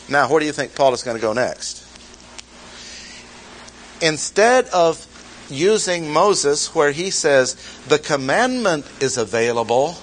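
A man's voice: medium pitch, poor audio. A male Bible teacher in the middle of a sermon, with a mid-range voice that keeps returning to the same key phrases. He presses each point and turns to the listeners with questions. Faint noise sits under the recording. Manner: emphatic, repeats key phrases, asks the audience questions. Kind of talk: expository sermon.

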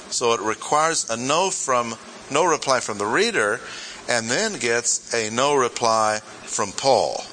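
A man giving verse-by-verse Bible teaching to a gathered group, deliberate and emphatic, stressing and repeating his key points. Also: mid-range voice, sharp tone, slight background noise, low-quality recording.

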